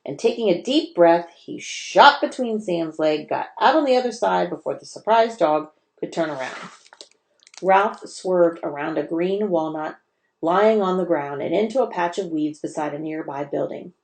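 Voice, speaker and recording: A woman's voice: on the low side, expressive, normal speed. Woman reading a children's story aloud, echoey room. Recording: roomy echo.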